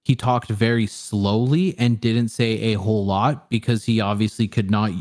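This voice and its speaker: A man's voice: lowish voice, steady tone, normal speed, darkish tone. A young man in casual chat, reviewing a film in a rambling way with lots of fillers and swearing. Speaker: podcast co-host reviewing a film.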